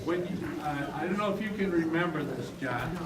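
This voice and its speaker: A man speaking haltingly, with fillers. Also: a little high, lively intonation. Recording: echoey hall from far off, loud noise.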